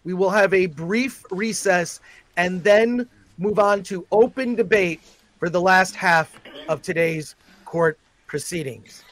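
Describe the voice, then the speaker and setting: High-voiced man as a mock judge. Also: takes it slowly, a bit bright. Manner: formal, judge-like with frequent fillers. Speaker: host presiding as mock judge. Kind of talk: mock-formal courtroom role-play on a livestream.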